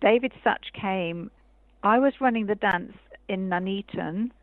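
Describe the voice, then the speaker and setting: A woman's voice: medium pitch, unhurried, no room sound. An older woman, an author, talking in a chatty, rambling way with many fillers in an interview. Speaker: author guest. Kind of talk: casual interview. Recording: tinny dry phone line.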